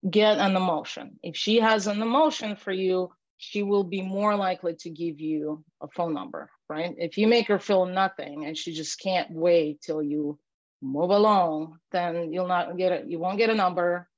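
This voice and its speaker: A woman's voice: on the low side, normal speed, no room sound, highs cut off. Chatty woman giving dating advice. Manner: chatty and animated, acts out sample lines, heavy use of "like" and "right?". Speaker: matchmaker and dating coach, podcast guest. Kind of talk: casual podcast advice chat.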